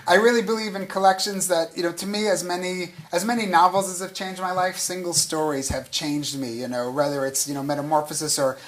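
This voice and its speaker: His voice sits high and stays fairly even, running a little fast and a bit bright with hardly any pauses. He's an American author chatting casually onstage at a literary event, wandering off track, restarting sentences and chuckling as he goes.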